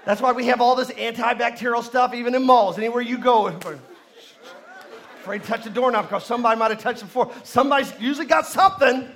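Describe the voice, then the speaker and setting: A man's voice: very high-pitched, a little fast, a bit bright, some chatter behind. A male pastor preaching a sermon at a church service, leading the congregation in call and response.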